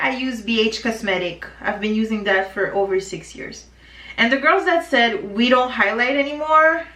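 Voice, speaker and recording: A woman's voice: medium pitch, sharp tone. Chatty, dramatic young woman storyteller. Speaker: beauty vlogger. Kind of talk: storytime chat while doing makeup. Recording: roomy, distant from mic.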